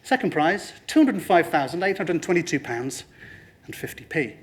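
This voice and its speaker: A man giving a lively motivational presentation to a room, addressing the audience and slipping into other people's voices for quoted lines. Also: on the high side, moderate pace. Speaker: speaker at a training talk.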